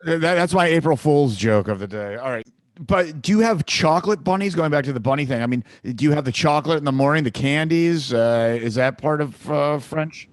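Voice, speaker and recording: A man co-hosts a casual podcast, his fairly high voice swooping around animatedly. He jumps in with jokes and excited interjections, and his sound is dry and close. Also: fairly quick, no echo. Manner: jokey, enthusiastic interjections. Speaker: podcast co-host.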